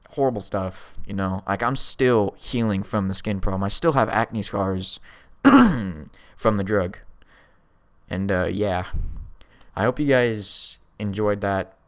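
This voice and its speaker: A man's voice: on the low side, clean tone. A young man in his late teens casually telling a personal story to his viewers, laid-back and slangy with lots of fillers. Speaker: vlogger.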